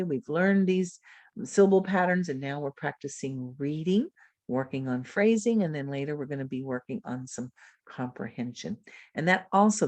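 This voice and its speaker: Woman presenter, lower register, dry close computer mic; explanatory lecture, models phrasing. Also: a little mellow, no room sound. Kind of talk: teacher-training webinar lecture. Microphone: computer mic on a video call.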